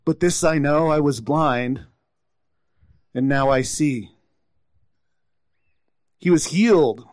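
A man gives a sermon in a fairly high voice, telling scripture stories with lively, dramatized quotes. His voice is close and dry, with little room sound around it. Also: slow, long pauses, no echo. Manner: storytelling, acts out the scripture quotes with rising intensity. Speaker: preacher.

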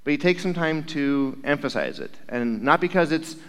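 Chatty youth pastor in a reverberant hall. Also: male voice, a little high, lively intonation, normal speed. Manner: conversational, keeps checking in with "right?". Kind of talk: casual sermon.

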